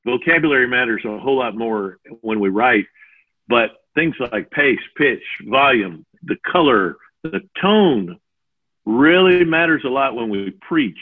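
A man in his sixties who mentors preachers, answering interview questions in an animated way and acting out the voices he quotes. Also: medium pitch, unhurried. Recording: phone-like narrow audio.

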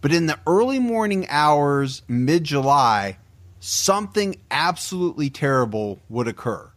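A man hosting a podcast, giving a measured, grave, scripted true-crime narration into a close studio mic. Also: a little high, big pitch swings, fairly bright tone, dry recording. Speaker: podcast host.

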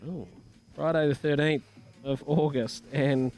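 Upbeat New Zealand radio host. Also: male voice, on the high side, steady tone, a little slow, a little mellow, soft background music. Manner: upbeat, reads listener texts. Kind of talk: sports radio chat. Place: radio studio.

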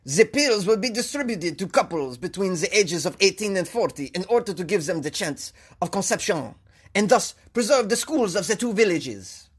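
A man's voice: high-pitched, animated, moderate pace, breathy edge. A man doing a jokey put-on French accent as a pompous village mayor reading a formal statement. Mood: mock-solemn.

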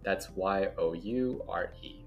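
A man co-hosts a casual podcast, rambling comfortably with plenty of "like"s. His voice is very low, with faint music behind it. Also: slow, vocal fry, lo-fi sound. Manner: relaxed, filler-heavy. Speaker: podcast co-host.

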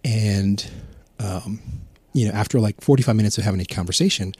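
Husky low-voiced man telling crude stories. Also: a little fast, mellow, dry recording. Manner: profane, rambling anecdotal storytelling. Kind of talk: casual chat.

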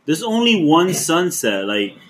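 A man's voice: fairly high pitch, very animated, measured pace, a crowd in the background. A man co-hosting a podcast, teasing the others with crude jokes in casual chat. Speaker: podcast co-host.

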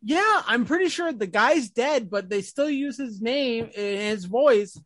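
Podcast host, playful and laughing, animated pitch, dry close mic. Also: a little slow, no echo. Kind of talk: casual chat.

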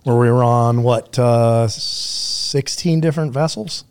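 A man appearing as a podcast guest, telling war stories in a loose, profane, animated way. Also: mid-range voice, slow, smooth. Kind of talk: casual storytelling conversation.

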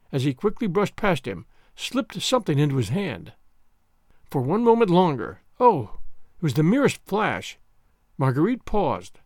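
Male storyteller, lively intonation, fairly high voice, dry close recording. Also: no room sound. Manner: expressive, dramatic reading. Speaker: audiobook narrator. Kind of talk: scripted narration of a classic novel.

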